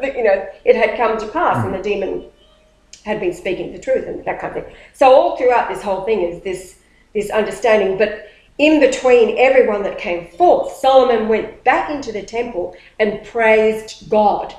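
A woman telling a story in casual talk, animated and rambling, often restarting her sentences. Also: mid-range voice, normal speed. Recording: roomy echo.

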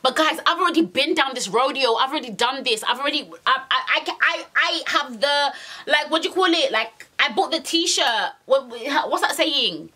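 Lively, exasperated young woman. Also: high voice, moderate pace. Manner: animated, exasperated, slangy, repeats phrases. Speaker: vlogger. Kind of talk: storytime monologue.

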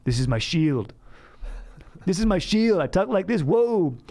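A man's voice: high-pitched, sing-song, measured pace, vocal fry, a little mellow, voice pushed up, full character voice. Man playing a blustering, sad middle-aged guy with a raised voice.

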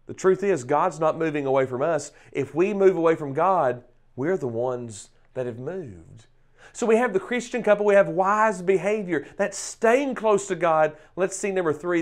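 A man giving a short devotional talk on scripture, emphatic, with pauses and swells in loudness. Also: a little high, animated. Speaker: preacher.

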